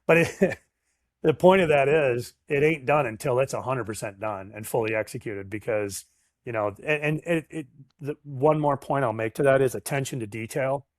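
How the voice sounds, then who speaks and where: In clean studio sound without echo, a middle-aged man with a mid-range voice talks at a moderate pace. He's a sales professional guest telling stories casually in an interview, animated, slangy, and acting out the exchanges.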